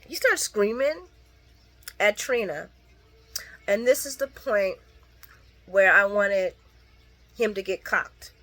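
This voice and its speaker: Woman soap recapper, chatty and animated, swears freely, talks to her fans. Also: medium pitch, takes it slowly, long pauses. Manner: animated, profane, talks to viewers; quoting characters mid-story. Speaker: soap opera recap vlogger. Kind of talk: casual recap chat.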